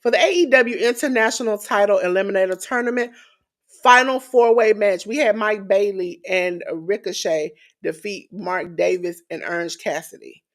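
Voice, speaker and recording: A woman co-hosting a wrestling podcast in casual chat, animated and acting out quotes in different voices. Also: medium pitch, normal speed. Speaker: podcast co-host.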